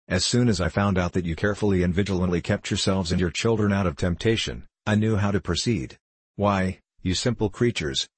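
A man voicing a scornful, vengeful male stranger in a measured, contemptuous audiobook reading. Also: low voice, slightly rough, no room sound.

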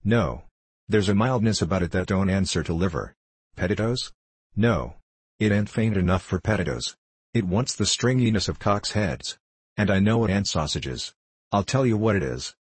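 A man's voice: low voice, moderate pace, breathy edge, no room sound. A man doing a cheerful old father. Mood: savoring. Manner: fussy, excitable, homely speech.

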